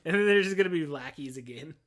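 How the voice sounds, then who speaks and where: A man's voice: on the high side, expressive, fast talker. A man co-hosting a podcast with crude, jokey banter, saying "dude" a lot. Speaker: podcast co-host. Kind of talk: casual joking chat.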